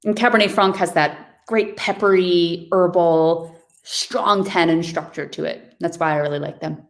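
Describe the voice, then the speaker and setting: A woman's voice: on the low side, steady tone, a little slow. Chatty woman hosting a wine tasting. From New York. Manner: chatty, enthusiastic describing wines. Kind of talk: casual chat during a virtual wine tasting. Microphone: video call.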